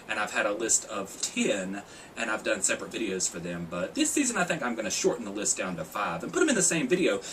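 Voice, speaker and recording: Male vlogger, sarcastic and jokey, pitch jumps all over, set back from the mic with faint room hiss. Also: a bit bright, recorded from a distance, rough recording. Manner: joking, sarcastic, laughs often. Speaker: video blogger reviewing a TV singing contest. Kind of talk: casual chat.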